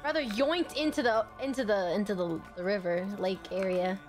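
A young adult woman chatting casually and excitably while commentating her own gameplay, quick to laugh and to yell at the screen. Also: medium pitch, soft background music. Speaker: gaming streamer.

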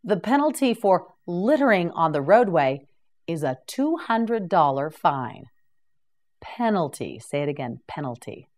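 A woman teaching English vocabulary to beginners, who says each word slowly and repeats it, with brief praise like "correct" and "well done". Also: fairly low pitch, sing-song, a little mellow. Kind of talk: slow, clear vocabulary drill for beginners.

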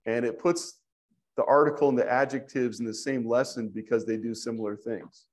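A man teaching a Greek language class in a church classroom, slow and patient, thinking aloud with fillers as he explains. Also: mid-range voice, fairly even intonation.

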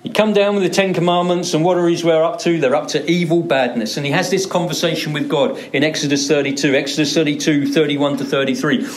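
A man's voice: a little high, fairly even intonation, quick pace, few pauses. A male pastor preaching a sermon, driving points home by repeating words for emphasis. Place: church.

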